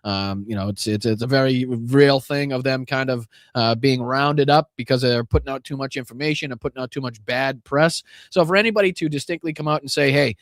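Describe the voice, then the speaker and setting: A man's voice: medium pitch, fairly quick, few pauses, no echo, clean studio sound. A man with a Boston accent hosting a live political podcast, talking bluntly and profanely with lots of fillers and restarts.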